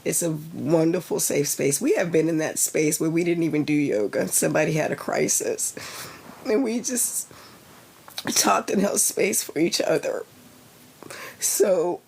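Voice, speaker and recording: Creaky, husky middle-aged woman chatting live. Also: low voice, measured pace, darkish tone. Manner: rambling, digressive and heartfelt. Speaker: yoga teacher and author. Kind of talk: casual live-stream chat. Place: lying in a sauna bag at home.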